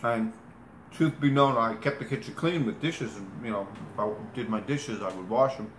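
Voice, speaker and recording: A man's voice: on the low side, normal speed, slight background noise. A man telling a long personal story in casual talk, rambling and correcting himself as he goes, acting out movements. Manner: rambling, self-correcting, demonstrates with gestures. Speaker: interviewee. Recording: echoey room with faint ambience.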